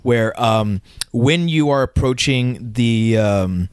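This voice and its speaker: A man co-hosting a casual chat, telling an anecdote in a halting way, with many restarts and fillers. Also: medium pitch, lively intonation, smooth, no echo, clean studio sound. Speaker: podcast co-host.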